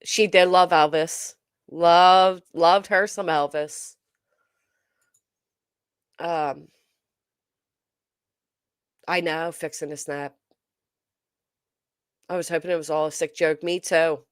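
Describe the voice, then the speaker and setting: A woman's voice: lowish voice, steady tone, slow, long pauses, clean tone, no room sound, clean studio sound. A woman hosting a casual commentary livestream, reading viewer comments aloud and answering them with lots of ums and uhs. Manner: chatty, reads viewer comments aloud and replies; hesitant, frequent um and uh fillers. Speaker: commentary channel host.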